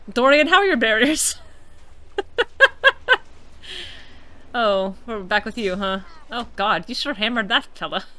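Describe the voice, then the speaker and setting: Giggly woman playing a game, bright voice. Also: fairly high pitch. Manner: giggly, breaks into long laughing fits. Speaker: gaming streamer. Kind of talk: casual gameplay commentary.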